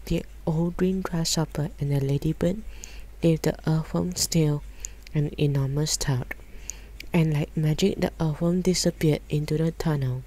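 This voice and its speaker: A woman reading a children's book aloud in calm, measured narration. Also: deep voice, rough recording. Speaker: storyteller.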